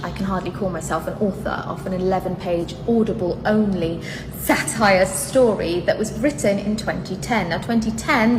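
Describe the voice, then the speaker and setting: Breezy British woman in an echoey room. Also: medium pitch. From Britain. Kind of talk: defensive statement video. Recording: echoey room with clear background noise.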